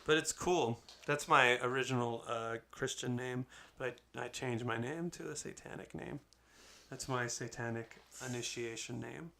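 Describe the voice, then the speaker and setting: A man's voice: mid-range voice, moderate pace, creaky, sharp tone. A young man hosting a casual podcast chat, rambling with lots of fillers and casual swearing. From Los Angeles area. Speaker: podcast host.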